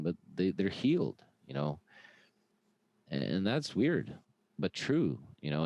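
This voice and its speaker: Very deep-voiced man, earnest. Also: no echo, rough recording. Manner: earnest, animated storytelling with many restarts. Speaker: podcast guest. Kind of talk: casual podcast conversation.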